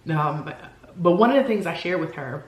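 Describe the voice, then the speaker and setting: A woman in her forties who talks candidly and earnestly in a personal vlog, often pausing to search for words. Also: fairly low pitch, lively intonation, echoey room. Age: 40s. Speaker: vlogger.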